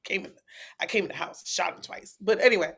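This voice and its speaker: A woman co-hosting a casual livestream chat, animated and quick to laugh, swinging between loud and soft. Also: on the low side, gravelly, breathy edge. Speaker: co-host.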